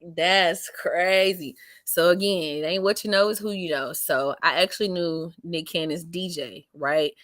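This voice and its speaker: A woman comedian telling stories in a casual interview, slangy and animated, acting out quotes with a lifted voice. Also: fairly low pitch, measured pace, hardly any pauses, dry recording. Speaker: comedian guest.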